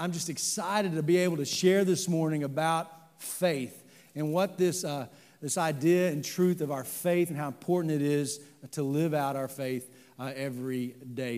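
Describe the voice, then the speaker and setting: Brief: earnest male pastor, sermon delivery, fairly high voice, halting with fillers, big echoing sanctuary. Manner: earnest, with many fillers and restarts. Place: church sanctuary. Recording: long church reverb.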